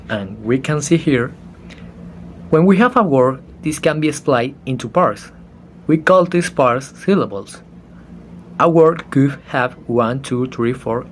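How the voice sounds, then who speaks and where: A young man whose first language is Spanish, giving a halting class presentation, stopping to spell out letters and correct himself. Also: medium pitch, a little hiss or hum. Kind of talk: slow explanatory class presentation.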